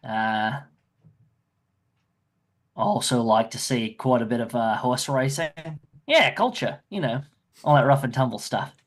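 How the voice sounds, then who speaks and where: A man with a mid-range voice tells a story during a tabletop game. He keeps it lively and throws in comic asides as he goes. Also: mid-range voice, unhurried, pauses often. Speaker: player.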